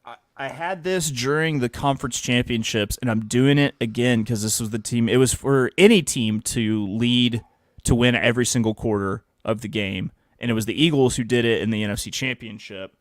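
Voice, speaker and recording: A man's voice: mid-range voice, moderate pace, no room sound, studio quality. A man co-hosting a casual sports betting podcast, joking and quizzing his co-host as he reads out his picks.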